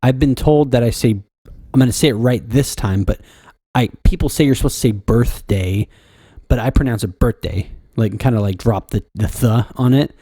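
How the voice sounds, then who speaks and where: A man's voice: medium pitch, normal speed, mellow, no room sound, studio quality. A man co-hosting a podcast, rambling in casual chat and making fun of how he says words. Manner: rambling, self-conscious about his pronunciation. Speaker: podcast co-host.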